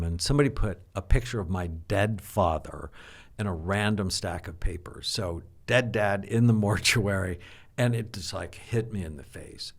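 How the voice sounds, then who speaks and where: An older man, a psychiatrist, explaining and telling stories in an animated, teacherly way during an interview. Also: sits low, creaky. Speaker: psychiatrist guest. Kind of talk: interview conversation.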